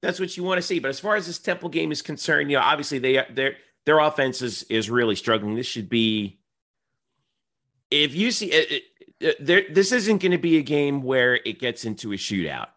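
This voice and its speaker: A man co-hosting a casual sports podcast, talking haltingly with many fillers and restarts. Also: medium pitch, animated, a bit bright.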